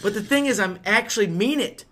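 Young dude ranting, sarcastic, cussing, bright voice. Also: male voice, high voice, brisk, slight background noise. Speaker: comedian and waiter. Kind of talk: casual chat.

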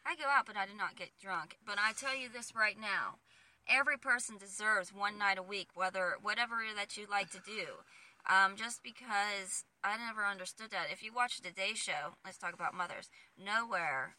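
A woman's voice: mid-range voice, moderate pace, bright, forceful tone. A woman co-hosting a casual chat show, blunt and opinionated. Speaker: co-host.

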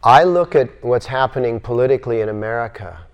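An older man giving a spiritual lecture to a class in a yoga center, animated and acting out voices as he repeats his phrases. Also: mid-range voice, a little fast.

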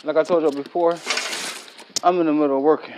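A man's voice: fairly high pitch, fairly even intonation, fast, very noisy. A man hosting his own podcast in a casual, slangy and boastful monologue, recording while he works. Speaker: podcast host.

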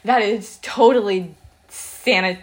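A hoarse woman hosting a podcast, reading her old stories aloud with giggly, self-mocking asides. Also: mid-range voice, slow. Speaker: podcast host.

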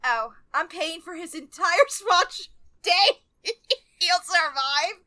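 A woman's voice: very high-pitched, lively intonation, takes it slowly, sharp tone. A woman co-hosting a casual book podcast, ranting with exasperation about the story. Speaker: podcast co-host. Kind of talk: casual book-club chat.

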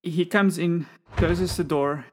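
Tabletop game master, narrating, calm, descriptive. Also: medium pitch, slow pace.

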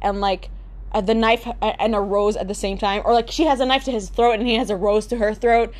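A woman's voice: mid-range voice, steady tone, brisk, a little mellow. A young woman ranting in a comedic vlog, exasperated and sarcastic, swearing freely. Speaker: vlogger. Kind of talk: comedic rant.

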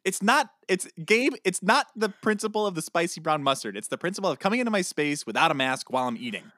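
A man co-hosting a casual podcast chat, telling stories with lively animation and getting loud when riled. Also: high-pitched, quick pace, no room sound, studio quality. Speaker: podcast co-host.

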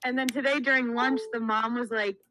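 A woman in her twenties, co-hosting a casual chat podcast and telling stories in an animated way, acting out the quotes. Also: fairly high pitch, fairly quick, noisy background. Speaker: podcast co-host.

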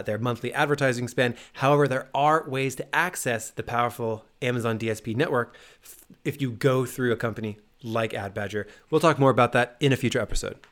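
A man co-hosting a podcast in relaxed, upbeat chat. He talks at an ordinary middle pitch and keeps the banter light and joking. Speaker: podcast co-host.

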